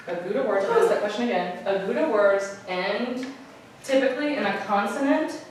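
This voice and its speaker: A woman teaching a classroom lesson, patiently repeating her questions and stretching out words to show where the stress falls. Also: medium pitch. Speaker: Spanish teacher. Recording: echoey classroom, taped from a distance, noisy.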